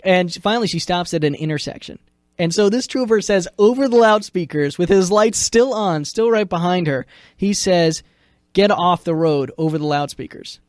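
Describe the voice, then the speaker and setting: A man's voice: high-pitched, dry recording, studio quality. A man, the station's news director, trading jokes and retelling odd stories in a casual radio chat. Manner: jokey, animated, quick joking asides. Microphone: studio microphone.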